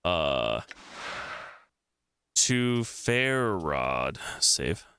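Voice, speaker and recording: Man, game streamer, casual, thinking aloud, low-pitched, faint room noise behind. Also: big pitch swings, very slow, sharp tone. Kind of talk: let's play commentary, reading game text aloud.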